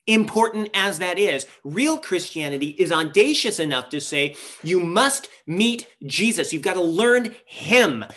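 A man's voice: high voice, a bit bright, breathy edge. A man preaching a sermon as pastor, earnest and emphatic, asking rhetorical questions and shifting his pace.

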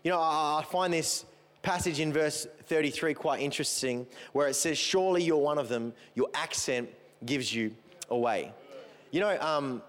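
A man's voice: a little high, normal speed, fairly bright tone. A male pastor with a country Victorian Australian accent, giving a chatty, joking sermon full of rambling asides. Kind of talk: humorous sermon. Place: church auditorium. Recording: long echo of a large hall.

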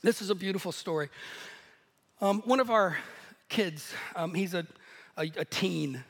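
A man preaching a sermon, telling stories in a lively, animated way and laughing at himself now and then. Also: high voice, measured pace. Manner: storytelling, animated, self-deprecating laughs. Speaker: pastor. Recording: echoey hall.

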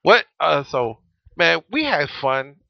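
A man's voice: fairly high pitch, takes it slowly, vocal fry, no echo. A man in his thirties co-hosting a podcast, telling stories in a profane, joking way. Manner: profane, joking, animated storytelling. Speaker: podcast co-host. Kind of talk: casual chat. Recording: muffled lo-fi audio.

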